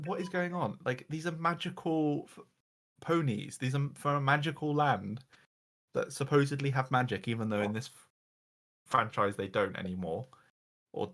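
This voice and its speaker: A man's voice: medium pitch, fairly bright tone. A man ranting as the reviewer, exasperated and mocking, swearing often as he goes through slides. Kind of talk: casual comedic rant.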